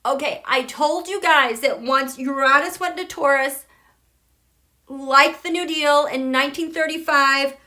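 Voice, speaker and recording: A woman hosting a live tarot and astrology stream, excitable and gushing, swinging between loud exclamations and soft murmurs. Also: sits high. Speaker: tarot and astrology channel host.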